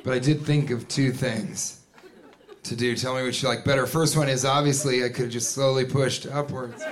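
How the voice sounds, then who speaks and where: A man performing a stand-up comedy set, telling stories in an animated way with put-on voices and sudden yells. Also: medium pitch, moderate pace. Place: comedy club stage with a laughing audience. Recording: live club recording with crowd noise. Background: audience laughter.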